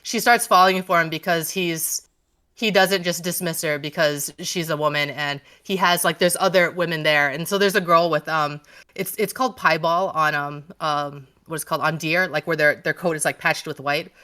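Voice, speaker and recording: A woman's voice: sits low, steady tone, moderate pace, bright, forceful tone. A woman author in a casual podcast interview, gushing and swearing freely as she rambles with many restarts.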